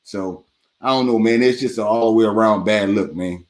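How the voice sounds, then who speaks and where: A man's voice: fairly low pitch, normal speed, darkish tone. Heated man ranting about boxing. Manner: heated, emphatic, ends phrases with "man". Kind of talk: casual boxing talk.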